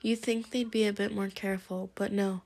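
A woman's voice: medium pitch, flat delivery, a little fast, vocal fry, darkish tone. A woman whispering as a stern older witch, whispered role-play. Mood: impatient. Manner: impatient, clipped, irritable.

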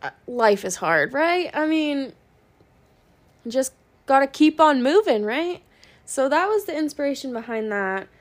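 A young woman hosting her own podcast in a casual, rambling way, frank and swearing, with many ums and pauses. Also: high voice, big pitch swings. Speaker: podcast host.

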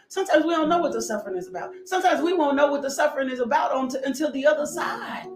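Impassioned high-voiced woman preacher, echoey. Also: expressive, fast talker, few pauses, a little hiss or hum. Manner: impassioned, shouting, laughing and near tears. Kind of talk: sermon. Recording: echoey room with faint music.

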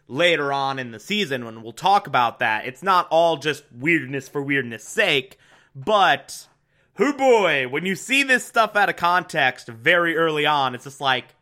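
A man's voice: on the high side, bright, forceful tone. A man casually recapping a TV episode, chatty, laughing often and swearing.

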